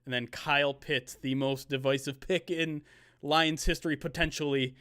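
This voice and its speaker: A man's voice: on the high side, steady tone, a bit bright, smooth. Male streamer host, loose rambling delivery, video-call sound. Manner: rambling, filler-heavy, quick bursts. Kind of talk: live-stream casual chat.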